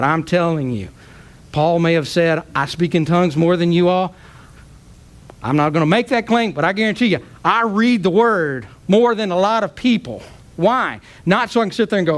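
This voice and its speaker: A man preaching a sermon with passion, climbing to shouts and then dropping soft, tearful at times. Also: high voice, expressive, moderate pace.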